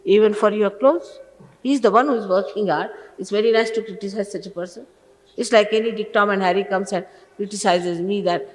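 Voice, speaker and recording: A woman's voice: medium pitch, a little fast. A woman, a spiritual teacher, giving an admonishing sermon to her followers in an old archival recording. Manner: scolding, admonishing, emphatic. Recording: old archival recording with long reverb and faint hiss.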